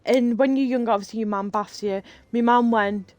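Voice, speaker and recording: A woman's voice: on the high side, fairly even intonation, normal speed, a little mellow, no echo. A woman streaming live, telling rambling stories in casual chat while she plays a game and swearing freely. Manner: chatty, rambling storyteller who swears freely.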